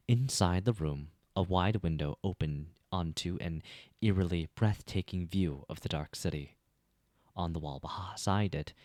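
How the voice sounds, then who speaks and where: A man narrating a web novel as an audiobook reader, measured and even. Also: low voice, no echo, studio quality.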